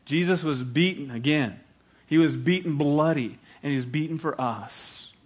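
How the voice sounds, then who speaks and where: A male pastor preaches a sermon with dramatic emphasis, leaning into repeated phrases. His voice sits a little higher than most men's. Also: normal speed, slightly rough.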